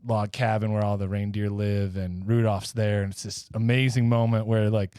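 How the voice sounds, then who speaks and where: Male podcast host who rambles through his stories; smooth mid-range voice, dry close mic. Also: lowish voice, flat delivery, moderate pace, mellow, no echo. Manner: rambling, filler-heavy storytelling. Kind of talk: casual comedic chat.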